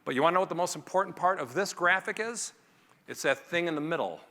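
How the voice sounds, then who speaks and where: A man delivers a motivational keynote to a conference crowd. His high voice swings widely and sounds bright and forceful. It rings through a large hall with a long reverb tail. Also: fast talker. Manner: animated, acts out family scenes in character voices. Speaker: keynote speaker.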